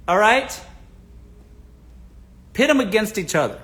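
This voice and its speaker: A man hosting a casual livestream, his voice pitched a little high for a man. He gives blunt, joking answers to viewer questions and keeps addressing the audience as folks. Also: big pitch swings, unhurried, a bit bright. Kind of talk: casual livestream advice chat.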